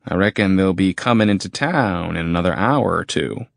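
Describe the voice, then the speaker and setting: A man's voice: low-pitched, expressive, moderate pace, creaky, dry recording. A man voicing a crude, cocky male army veteran with a drawl, foul-mouthed and taunting, in a dry, close audiobook recording. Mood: gloating. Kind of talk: audiobook character voice.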